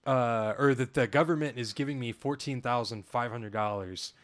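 Young guy co-host, clear rich voice, rambly storytelling, lots of restarts. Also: mid-range voice, normal speed, fairly bright tone, no echo, clean studio sound. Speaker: podcast co-host. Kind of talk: casual sports chat and storytelling.

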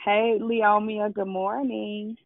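A woman's voice: mid-range voice, level tone, takes it slowly, no echo. A woman leads a prayer call, preaching with fervor before trading playful greetings with callers. Her voice comes through a dry, narrow phone line. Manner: fervent, informal, playful with callers.

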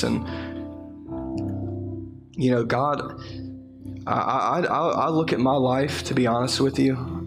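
A man's voice: medium pitch, takes it slowly, long pauses, music in the background. A male pastor giving an earnest, conversational sermon, repeating phrases and restarting sentences as he talks.

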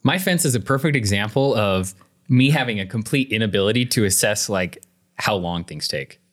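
A man's voice: fairly low pitch, animated. A man co-hosting a podcast in casual chat, teasing dryly and correcting his partner. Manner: dry teasing, quick corrections. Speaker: podcast co-host.

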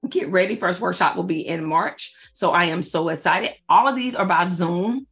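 A woman in her forties, a faith-based life coach, chatting casually and excitedly to her followers, repeating herself for emphasis and calling them y'all. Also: lowish voice, moderate pace, gravelly, soft background music. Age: 40s. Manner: slangy, addresses audience as y'all. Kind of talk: casual announcement chat to followers.

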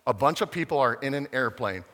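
A man's voice: medium pitch, lively intonation, fairly quick, fairly bright tone, big-room sound, slight background noise. A man giving a playful, interactive sermon to children and adults at church, drawing the audience in with questions. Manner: playful, interactive, acts out voices. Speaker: children's pastor. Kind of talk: animated family sermon to kids and adults.

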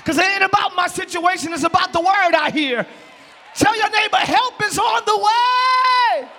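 Shouting high-voiced male preacher. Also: moderate pace, a faint crowd, a little hiss or hum. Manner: preaching, shouts and exhorts the congregation; drops to a quiet conversational tone between shouted passages. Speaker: pastor. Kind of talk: live church sermon. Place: church sanctuary.

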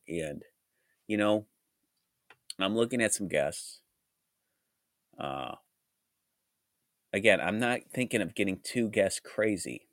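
A man hosting a solo podcast with a groggy, hoarse voice from a cold, talking in a rambling, reflective way. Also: deep voice, dry recording, clean studio sound. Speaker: podcast host. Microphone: studio mic.

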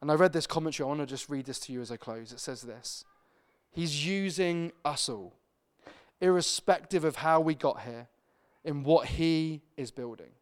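A young British man gives a sermon as pastor, his voice smooth and a touch higher than most men's. He tells everyday stories in a chatty way and acts out the people in them. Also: moderate pace. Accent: British English.

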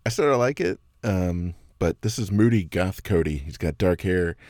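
A man with a deep, low voice chats easily about wrestling, laughing often. The sound is dry and close-miked. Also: a little mellow, dry recording. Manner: laid-back, giggly. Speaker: podcast co-host. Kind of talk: casual chat about wrestling.

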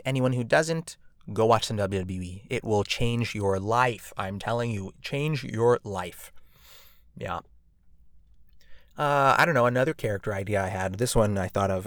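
Rambling low-voiced male podcast host. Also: no echo, studio quality. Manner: rambling, joking, many fillers and tag questions. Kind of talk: casual podcast monologue.

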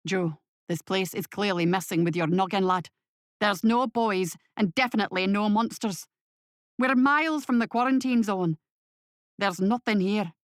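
A woman voicing a gruff, practical male thief who talks bluntly and dismissively, in a storybook reading. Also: medium pitch, moderate pace, no room sound, studio quality, natural voice.

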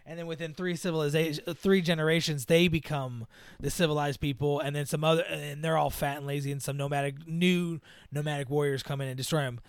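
A man co-hosting a casual movie review podcast, rambling and animated, often acting out lines from the film. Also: on the high side, clear, resonant tone, no echo. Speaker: podcast co-host.

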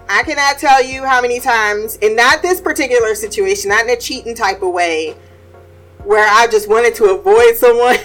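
A woman's voice: on the high side, moderate pace, a bit bright, soft background music. A woman hosting a casual TV recap, blunt and profane, laughing often as she reviews an episode. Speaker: TV recap podcast host.

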